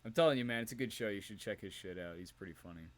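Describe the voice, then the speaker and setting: A man co-hosting a podcast in casual chat, often laughing and slipping into quick impressions. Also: lowish voice. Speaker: podcast co-host.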